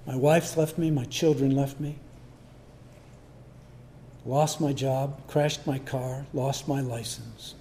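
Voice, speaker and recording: A man's voice: medium pitch, fairly even intonation, slow pace, pauses often, mellow, a little hiss or hum. An older man preaching a sermon, telling a personal story in a conversational way. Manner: storytelling, conversational, acts out voices. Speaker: pastor.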